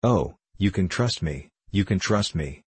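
A man voicing a fierce, blustering elderly male horse trainer in an audiobook reading, speaking gruffly. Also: low voice, animated, a little slow, a little mellow, dry recording, exaggerated voice. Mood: cowed.

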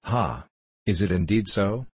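A blustering, quick-tempered tinker from an old storybook tale, as a man reads him aloud. He talks in archaic speech with a low, husky voice, recorded close and dry. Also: animated, no echo, exaggerated voice. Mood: boastful. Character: boastful brash male tinker, adult, quick-tempered.

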